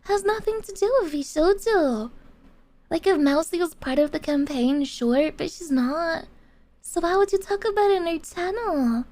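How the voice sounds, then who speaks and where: A woman's voice: extremely high pitch, lively intonation, normal speed, darkish tone. A young woman streamer chatting casually to her viewers, swearing a lot and using gamer slang. She swings between giggles and rants. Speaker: VTuber streamer.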